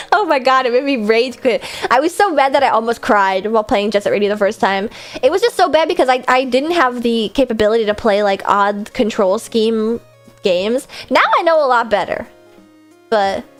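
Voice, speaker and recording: A woman hosting a casual live-stream Q&A, chatty and rambling, with a self-deprecating streak. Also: a little high.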